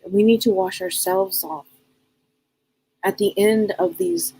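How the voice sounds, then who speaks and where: A woman talks casually and earnestly about spiritual matters on a live stream, wandering through her thoughts and often repeating or restarting her words. Her voice is low and mellow, with a gravelly edge and a husky, breathy texture. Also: fairly even intonation, a little slow, rough recording. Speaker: psychic medium hosting a live stream.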